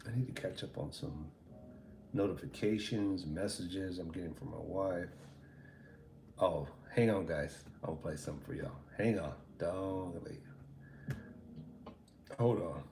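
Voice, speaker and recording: A man hosting a livestream in casual chat, laid-back and quick to laugh. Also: sits low, gravelly, echoey room, a little hiss or hum. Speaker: livestream host.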